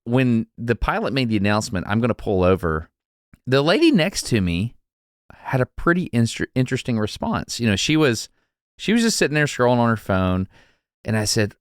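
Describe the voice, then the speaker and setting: Animated and laughing as he acts out quotes, this male podcast co-host tells a story in casual chat, playing the people in it. His mid-range voice is clear and resonant, at a moderate pace, recorded in studio quality with no echo.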